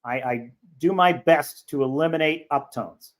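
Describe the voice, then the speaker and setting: A man's voice: a little high, moderate pace. A man from California with a Californian accent, hosting a casual livestream and joking his way through rambling commentary. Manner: rambling, joking, reads chat aloud. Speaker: livestream show host.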